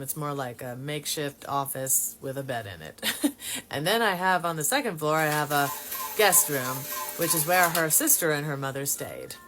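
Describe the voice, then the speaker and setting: A woman sharing her personal Christian testimony in a halting way, with many fillers and restarts. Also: sits low, a bit bright, slight background noise.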